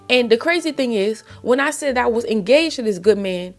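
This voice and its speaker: A woman's voice: fairly high pitch, animated, moderate pace, soft background music. A woman giving faith-based relationship advice in a blunt, impassioned monologue, full of exasperated rhetorical questions.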